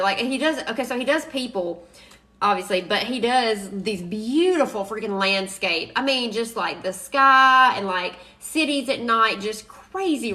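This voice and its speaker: A woman's voice: on the high side, bright, forceful tone. A woman hosting a crafting live stream, chatting in a rambling, chatty way and laughing often. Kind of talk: casual live stream chat.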